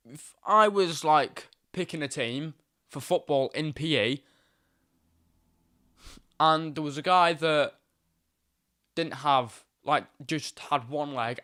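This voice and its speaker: A young man hosting a live football stream, chatting casually and excitedly, rambling and swearing freely. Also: mid-range voice, clear, resonant tone, dry recording, clean studio sound. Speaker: livestream host.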